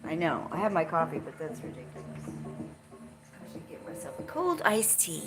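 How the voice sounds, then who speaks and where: A woman's voice: low-pitched, sing-song, moderate pace, music in the background, rough recording. A woman vlogging in a casual, chatty and playful way, rambling and laughing often. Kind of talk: casual chat.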